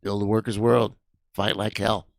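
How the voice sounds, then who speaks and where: A man's voice: on the low side, little pitch movement, moderate pace, gravelly, no echo, studio quality. A man hosting a casual livestream, rambling and restarting his sentences, tired and yawning. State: sleepy. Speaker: livestream host.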